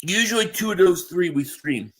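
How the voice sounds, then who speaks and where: A man's voice: sits high, expressive, normal speed, husky. A man hosting a live stream, chatting casually and answering viewers' comments while tired from just waking up. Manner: reads chat aloud and answers viewers, with restarts.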